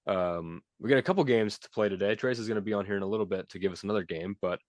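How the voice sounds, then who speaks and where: A man's voice: fairly low pitch, rapid-fire, no room sound, studio quality. A young man co-hosting a podcast, casually and playfully reading out trivia quiz questions and teasing his co-host.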